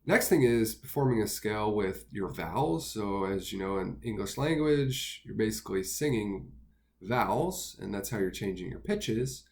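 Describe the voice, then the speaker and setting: A man teaching singing basics in a relaxed, step-by-step way, pausing with fillers between his explanations. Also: fairly low pitch. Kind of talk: instructional talk with sung demos.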